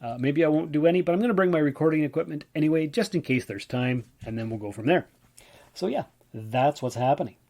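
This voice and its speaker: A man's voice: a little high, quick pace, vocal fry, darkish tone. A man from Ontario, Canada, tired and yawning, talking through a casual solo podcast in a chatty, rambling way full of fillers. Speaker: podcast host.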